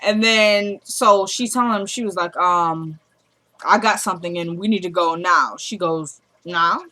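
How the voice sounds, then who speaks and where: A woman's voice: lowish voice, a little slow, bright, forceful tone. A woman casually recapping a TV drama episode, acting out the characters' lines as she retells each scene. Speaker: show recapper.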